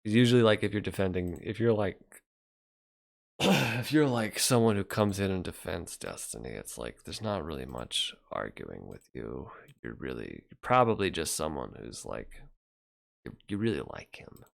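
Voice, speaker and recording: A man's voice: low voice, sing-song, moderate pace, creaky. A young man hosting a casual livestream, chatting loosely and reacting to viewer comments as he rambles. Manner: rambling, reacts to chat, trails off. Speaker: livestream host reading chat.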